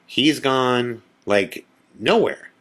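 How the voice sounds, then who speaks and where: A male podcast host retelling a spooky personal story in a casual, animated way, acting out his own and his friends' lines, with lots of fillers. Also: mid-range voice, very slow. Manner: animated retelling with quoted dialogue, many fillers.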